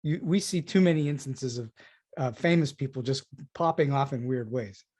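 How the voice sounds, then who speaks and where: A man's voice: medium pitch, moderate pace, a little mellow. A man hosting an interview podcast, asking rambling questions and laughing often. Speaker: podcast host.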